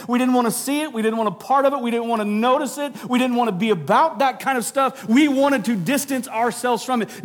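High-voiced preacher with dramatic hushes. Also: male voice. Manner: dramatic drops to a low hush, then rising emphasis; jokey asides to the congregation. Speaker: pastor. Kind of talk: sermon.

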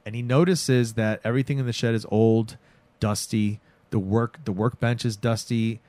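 A young man recapping a show in casual chat, animated, acting out the characters' lines and swearing freely. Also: mid-range voice, moderate pace, no room sound. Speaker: podcast host recapping a show.

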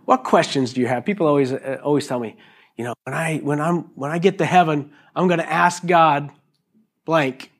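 A middle-aged man preaching a sermon in an animated, jokey way, acting out little voices as he goes. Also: a little high, normal speed. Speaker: pastor.

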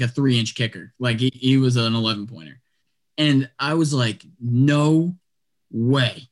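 A man telling a story in casual conversation, animated and rambling, with a lot of "like" fillers. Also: mid-range voice. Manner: animated, rambling, heavy use of "like".

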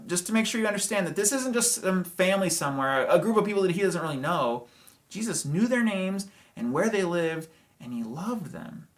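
A pastor preaching a sermon in a conversational way, with hedges, rhetorical questions and light chuckles. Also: medium pitch.

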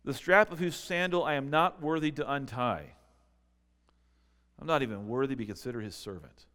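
A pastor delivering a sermon, swinging between loud, emphatic preaching and quiet, close asides. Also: male voice, medium pitch, moderate pace, in a large hall.

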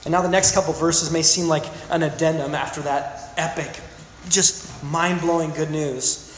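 A man's voice: on the high side, steady tone, normal speed. A man preaching a sermon, emphatic, repeating phrases and asking the congregation questions. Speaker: pastor. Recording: very echoey hall, faint room noise.

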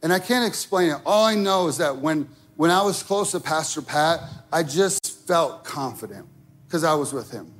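A man preaching a sermon in a church, talking casually with lots of "like", rising to shouted peaks and dropping to quiet asides. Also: a little high, expressive, normal speed, soft background music. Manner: casual wording with many fillers like "like". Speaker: pastor. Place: church sanctuary.

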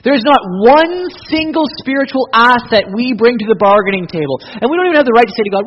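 A man preaching a sermon. His high, husky voice rises and falls with lively emphasis, then drops to near-whispered intensity. The sound is dull and lo-fi, with long church reverb. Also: fast, few pauses. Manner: animated, swings from loud emphasis to hushed intensity. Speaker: pastor.

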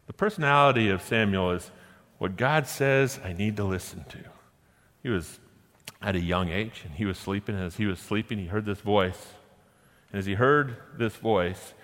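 A man's voice: on the low side, fairly bright tone. Preaching man in a reverberant hall. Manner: preaching with rhetorical questions, slowing down to stress verses. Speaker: pastor. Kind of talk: sermon.

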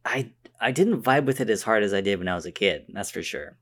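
Lower-voiced man, halting casual chat. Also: expressive, a bit bright. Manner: hesitant, restarts often, chatty. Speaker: podcast co-host.

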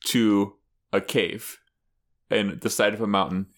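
In a casual podcast chat, a male co-host playfully spins a made-up story and laughs as he tells it. His voice is fairly low, with fairly even intonation and an unhurried pace.

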